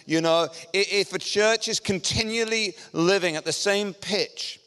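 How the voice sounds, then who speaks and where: A man's voice: sits high, unhurried, a bit bright, clear, resonant tone. A middle-aged man with an English accent, preaching as a guest speaker in a self-deprecating, joking manner. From England. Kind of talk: sermon. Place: large church auditorium. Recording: long church hall reverb.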